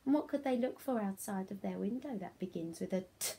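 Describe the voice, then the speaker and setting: A woman's voice: medium pitch, lively intonation, fairly quick, warm tone, slightly rough. A woman teaching a phonics lesson to young children, speaking in a sing-song, encouraging way that often drops to a whisper.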